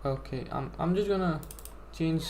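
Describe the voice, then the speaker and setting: A young man with a slightly high, somewhat mellow voice streams a game from his home setup at normal speed, with a bit of hiss or hum. He chats and rambles to viewers, self-deprecating and full of "bro" and "like".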